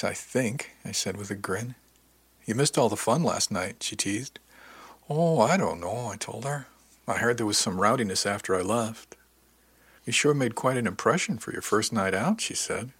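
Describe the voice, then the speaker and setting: A man reading a first-person story aloud in a calm, storytelling manner, lightly varying his voice for the characters. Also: on the low side, slightly rough. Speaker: audiobook narrator. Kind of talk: first-person audiobook narration.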